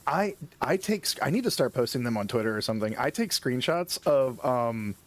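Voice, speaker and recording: A man in relaxed stream banter with a mid-range voice that swings widely in pitch. He rambles through his thoughts, laughing and swearing as he goes. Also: a little fast. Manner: rambling, laughs often, lots of fillers and swearing. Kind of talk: casual chat on a live stream.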